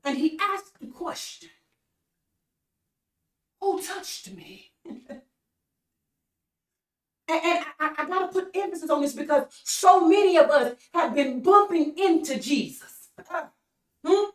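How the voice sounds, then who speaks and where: A woman's voice: very high voice, normal speed. A woman preaching an online sermon, repeating phrases in a call-and-response rhythm with stammered restarts. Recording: echoey room, voice from far off mic.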